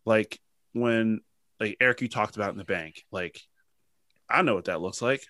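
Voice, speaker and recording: A podcast host with a lowish voice talks at a moderate pace, and there's no echo. In a casual chat, he tells stories emotionally and with animation, using lots of fillers.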